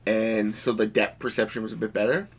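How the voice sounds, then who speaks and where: A man's voice: fairly low pitch, flat delivery, brisk, husky. A man rambling through a story in casual chat, swearing freely.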